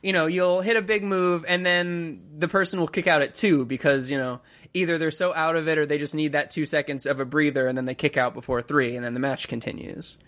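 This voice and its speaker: A man's voice: on the high side, steady tone, fairly quick, a bit bright. A man co-hosting a podcast in casual chat, rambling enthusiastically and swearing freely. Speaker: podcast co-host.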